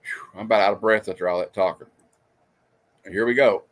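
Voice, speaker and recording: A man's voice: on the low side, fairly quick. A man hosting a casual livestream, chatty and ranting, who laughs often. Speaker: comic show host.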